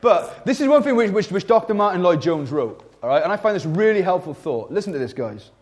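A man in his forties delivers a church sermon with a high, very lively voice that climbs and dips constantly. He keeps it conversational and jokey, addressing the congregation directly. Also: a little fast. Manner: animated, jokey, conversational preaching. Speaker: preacher. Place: church service.

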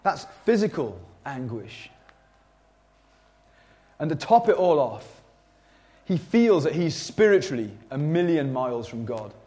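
A man's voice: fairly high pitch, very animated, a little slow, pauses often, mellow. A man preaching a sermon, reading a scripture passage and then explaining it in a conversational, emphatic way with frequent fillers and restarts.

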